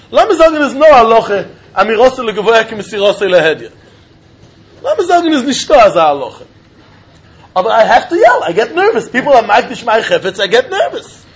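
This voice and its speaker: A man teaching a Talmud lesson in an animated, sing-song way, often laughing. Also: high voice, breathy edge. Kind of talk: Talmud study lecture. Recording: dull lo-fi recording.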